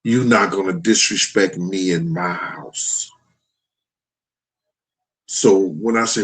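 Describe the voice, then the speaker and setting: A man's voice: lowish voice, animated, measured pace, rough recording. A middle-aged man hosting a livestream and talking frankly and profanely to his chat. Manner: blunt, profane storytelling. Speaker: livestream host. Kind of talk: casual livestream talk to chat.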